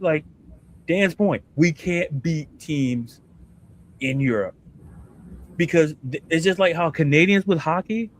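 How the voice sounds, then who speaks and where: A man co-hosting a sports podcast, ranting in a casual, animated way and firing off rhetorical questions. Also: a little high, a little hiss or hum. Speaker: podcast co-host.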